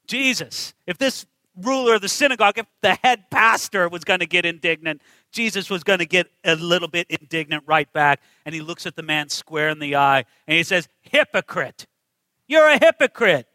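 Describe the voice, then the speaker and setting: A man's voice: high voice, steady tone, a little fast, pushed and bright, no echo, low-quality recording. A man preaching a sermon, emphatic and full of rhetorical questions to his listeners.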